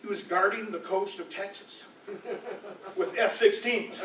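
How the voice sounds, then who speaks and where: A man doing rambling, animated political stand-up comedy before a live audience in a campus room, often slipping into mocking voices. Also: very high voice, takes it slowly, long pauses. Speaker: street comedian. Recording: echoey room, voice from far off.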